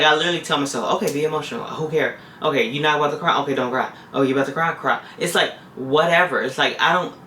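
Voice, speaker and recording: A woman's voice: very deep voice, a bit bright. A woman talking straight to her viewers in a casual, rambling vlog, often repeating her own phrases. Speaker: vlogger. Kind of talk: casual confessional vlog talk. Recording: echoey room with faint hiss.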